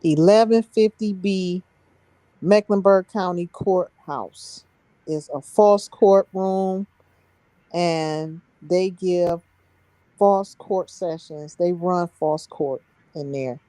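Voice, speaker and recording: A woman's voice: lowish voice, slow, dark tone, no echo. A woman telling a story on a live stream in an emphatic, heated way, laughing between points.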